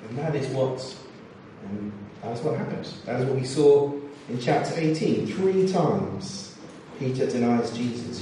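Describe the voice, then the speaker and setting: A man preaching a sermon in a church, expressive and acting out the quotes he reads. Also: mid-range voice, a little slow, a little hiss or hum. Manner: expressive, acts out scripture quotes. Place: church or hall. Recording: echoey hall, distant mic, faint ambience.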